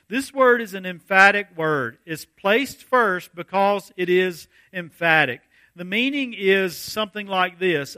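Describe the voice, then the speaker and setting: High bright-voiced male pastor preaching. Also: dry recording. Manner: measured, deliberate, slows to stress key phrases. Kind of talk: expository sermon reading scripture.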